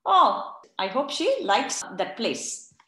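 A woman voicing a calm male schoolteacher who answers in a casual, unruffled way. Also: a little high, slow, slight background noise, exaggerated voice. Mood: calm unbothered. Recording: roomy echo.

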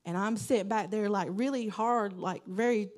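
A woman's voice: mid-range voice, normal speed, a little mellow. A woman giving an informal, earnest church testimony, rambling and quoting her own prayers while holding back tears.

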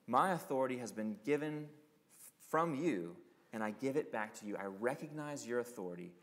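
A man preaching a sermon as pastor, earnest and questioning, who often drops to a hushed voice. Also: medium pitch, animated, brisk. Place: church sanctuary. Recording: long reverb of a church sanctuary.

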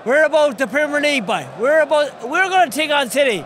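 A man's voice: very high-pitched, lively intonation, fairly quick, a bit bright, a faint crowd, a little hiss or hum. A boisterous man with an Irish accent, cheering and swearing about his team on the street. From Ireland. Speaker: football fan interviewee. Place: outdoors on a street.

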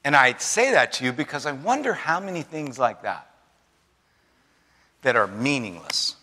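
A man's voice: mid-range voice, sing-song, moderate pace, pushed and bright, breathy edge, in a large hall. A middle-aged man preaching a sermon, using repetition, humorous asides and rising fervor. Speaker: pastor. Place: large church sanctuary.

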